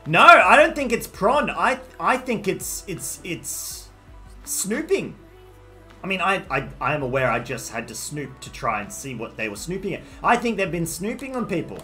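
A high, bright, forceful male voice with an Australian accent carries this casual game stream, where he rambles and greets and answers his chat. His pitch swings a lot, and his pace is moderate. It's captured on a desktop mic with faint music behind him.

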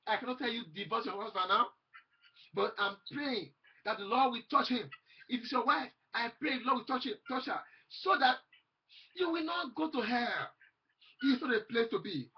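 A man delivers a fervent sermon in a husky voice, repeating his phrases and quoting scripture aloud. The recording sounds dull and lo-fi. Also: extremely high pitch, moderate pace. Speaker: preacher.

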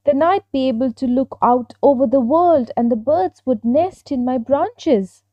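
A woman voicing a small, eager young male fir tree in a children's story, wistful and excitable. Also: high voice, unhurried, dry recording, muffled recording, pitched above the performer's own voice. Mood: longing.

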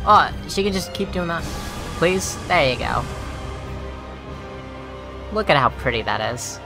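A woman's voice: low-pitched, expressive, a little slow. Profane woman streamer over game music. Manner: profane, exasperated, talks to viewers; shouts and shrieks when dying. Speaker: streamer playing a video game. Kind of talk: gaming commentary.

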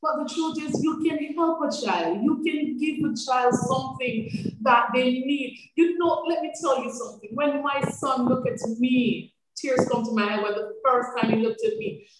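This is a woman, talking with repetitive, faith-filled passion on a video call. Her voice sits a bit high and comes from far off the mic. The room is echoey and there is clear noise behind her. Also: normal speed, hardly any pauses. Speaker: foster care director and foster mother. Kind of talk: heartfelt testimony on a webinar. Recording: echoey, distant from mic, noisy.

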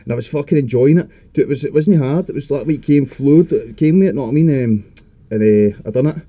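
A Scottish man in his twenties, a rapper chatting as a podcast guest, talking quickly and swearing a lot. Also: medium pitch, warm tone, no echo. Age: 20s. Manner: rapid, heavily sweary, frequent "you know what I mean". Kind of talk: casual chat.

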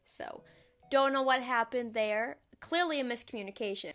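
A woman's voice: on the high side, normal speed, fairly bright tone, soft background music. A young American woman vlogging in a playful, self-mocking, chatty way. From United States. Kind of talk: casual jokey vlog.

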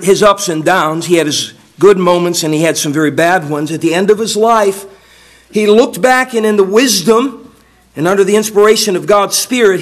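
A man pastor preaching a sermon, reading scripture and crying out quoted lines with rising fervor. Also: sits high. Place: church sanctuary.

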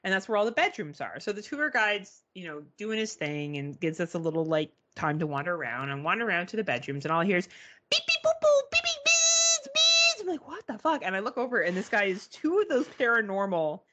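Lively woman telling a story. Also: lowish voice, fast, few pauses, a little hiss or hum. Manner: animated, swearing, mimics beeping sounds. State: arm in a sling. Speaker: podcast co-host. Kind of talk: casual storytelling chat.

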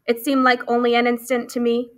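Gentle female robot, read by a woman, even formal delivery, storybook. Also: on the high side, a little fast, lightly acted. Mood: calm.

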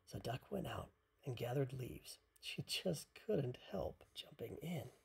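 Breathy, whispery bedtime story reader. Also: mid-range voice, animated. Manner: soft, half-whispered, unhurried. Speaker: parent reading to a child.

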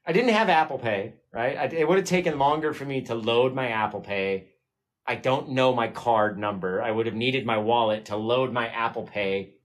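A man's voice: medium pitch, moderate pace. A man hosting a live painting stream, chatting casually with viewers in a rambling, self-mocking way and laughing often. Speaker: livestream painting host.

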